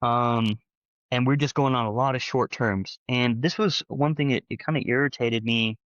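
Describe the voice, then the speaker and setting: A man talks through a long personal story in a loose, rambling way, full of fillers and animated asides. His voice sits at a middling pitch. The sound is dry, with a slightly dull, lo-fi quality. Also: moderate pace, dry recording. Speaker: panel guest, former church member. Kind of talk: casual conversational storytelling.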